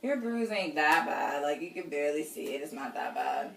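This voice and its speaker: A woman voicing a laid-back man who brushes off her worries, a little lower than her usual voice. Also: lively intonation, moderate pace, roomy sound, distant mic, slight background noise. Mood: dismissive.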